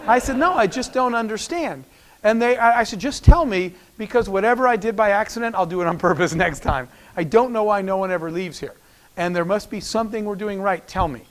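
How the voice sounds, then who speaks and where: A middle-aged man giving a storytelling business talk, acting out the dialogue he quotes. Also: high-pitched. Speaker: keynote speaker.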